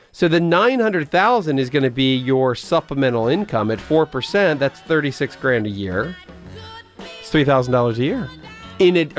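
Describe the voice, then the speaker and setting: Recorded dry on a studio microphone, a medium-pitched male host talks through money advice on his radio finance call-in show in a radio studio. His delivery is conversational, with frequent restarts.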